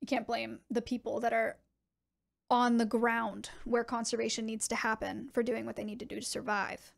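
Young woman streamer chatting w/ her viewers, animated, voice on the high side. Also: creaky. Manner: animated, talks to chat, quick asides. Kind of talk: casual chat with viewers.

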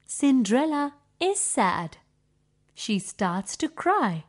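A woman reads a children's story aloud in a clear, deliberate way, using simple phrasing. Her voice sits a little high and moves up and down in lively swings. She takes every phrase very slowly. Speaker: storyteller for young pupils. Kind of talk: slow children's story reading.

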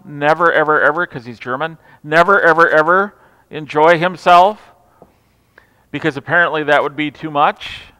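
Pastor guy preaching christmas eve, bright clear voice, big echoey church, goes loud then soft. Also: a little high. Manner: storytelling with humor, swings from loud to hushed. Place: large church sanctuary. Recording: reverberant church hall.

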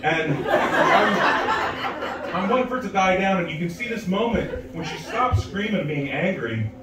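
A man's voice: high-pitched, measured pace, very noisy. A man performing stand-up comedy, telling a long story and acting out other people's voices. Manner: animated, acts out characters' voices. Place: comedy club stage. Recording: roomy, distant live club recording. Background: audience laughter.

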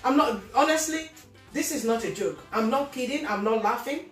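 A woman's voice: a little high, expressive, moderate pace, distant mic, faint music behind. Sarcastic, scolding Nigerian-accented woman, roomy. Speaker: comedy sketch performer playing older sister. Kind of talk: comedy sketch acting.

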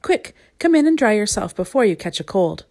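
A woman voicing a strong, sensible man who scolds gently and worries. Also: medium pitch, sing-song, a little fast. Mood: concerned. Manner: scolding, concerned.

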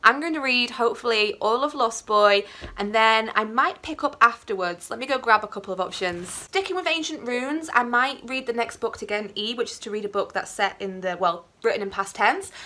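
Gushing bright-voiced young woman. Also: fairly high pitch. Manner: gushing, effusive and rambly. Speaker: booktuber. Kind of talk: casual vlog chat.

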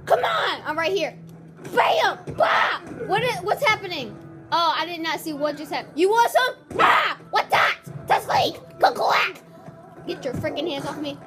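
A woman giving excited gameplay commentary, yelling loud reactions and trash talk at the game. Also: very high voice, a little slow, soft background music.

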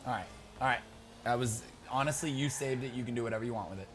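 A young man chatting through live gameplay, talking to his teammate and breaking into excited shouts. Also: mid-range voice, fast talker. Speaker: gaming YouTuber. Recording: background noise.

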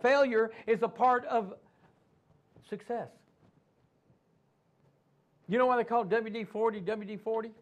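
Male pastor, sermon delivery; very high voice, animated, slips into character voices. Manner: animated preaching with acted-out voices and asides.

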